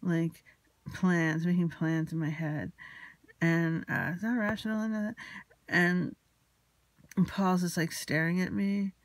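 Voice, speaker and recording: A woman's voice: lowish voice, fairly even intonation, unhurried, pauses often, dry recording. A woman telling a personal story in an anxious, rambling, confessional way, still emotionally shaken. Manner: anxious, rambling, retelling a quarrel with quoted dialogue. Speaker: vlogger.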